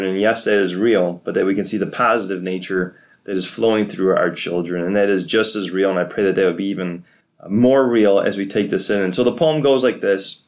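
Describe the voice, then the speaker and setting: A middle-aged man, a pastor, giving an earnest and encouraging devotional talk to parents on a podcast. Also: lowish voice.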